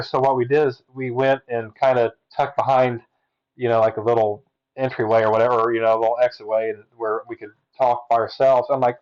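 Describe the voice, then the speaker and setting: A man's voice: mid-range voice, flat delivery, fairly quick, darkish tone, lo-fi sound. A man as a podcast guest, earnestly telling a personal story, often restarting and acting out quotes.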